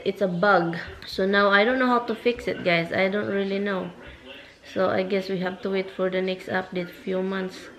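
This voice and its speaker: A woman's voice: mid-range voice, fairly bright tone. A middle-aged woman from the Philippines with a Filipino accent, chatting casually in a home vlog, rambling, repeating herself and venting her frustration. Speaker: vlogger.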